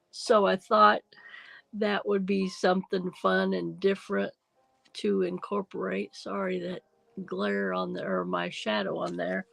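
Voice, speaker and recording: A woman's voice: mid-range voice, creaky, fairly bright tone, no echo. A middle-aged woman with a nasal, congested voice, chatting casually on a craft livestream; she rambles, apologizes often, and says um a lot while feeling achy and unwell. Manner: rambling, apologetic, many ums and restarts. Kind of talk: casual livestream chat while junk journaling.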